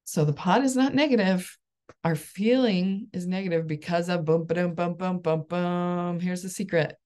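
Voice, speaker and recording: A woman in her thirties talks through a coaching idea in a casual, upbeat way, laughing often. Her voice sits low with a gravelly, creaky edge. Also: darkish tone. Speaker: life coach and support group host. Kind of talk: casual solo coaching talk.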